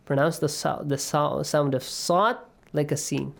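A man's voice: fairly high pitch, fairly even intonation, vocal fry. Patient man teaching recitation on radio. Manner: patient, quizzes students, models recitation slowly. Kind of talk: radio lesson on recitation rules.

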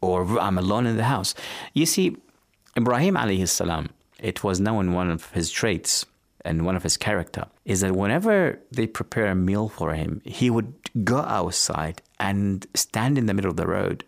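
A man presenting a religious radio program, telling stories in a measured way and speaking directly to his listeners. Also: low voice, animated, vocal fry.

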